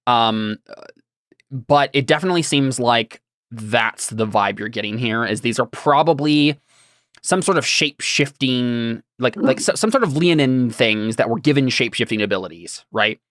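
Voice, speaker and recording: A man in the middle pitch range narrates a tabletop game as game master. He rambles and hesitates, with many fillers and restarts. His voice sounds dry and close. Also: lively intonation, normal speed, fairly bright tone, no echo.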